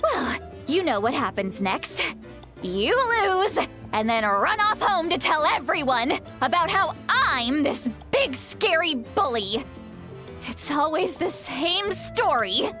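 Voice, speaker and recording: A tipsy old shaman granny grumbles and brags in a bright, high voice that swoops all over. She drawls her complaints slowly and theatrically. A drunk video game elder. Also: very animated, faint music behind, full character voice. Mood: grumbling. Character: tipsy grumpy old woman shaman, boastful.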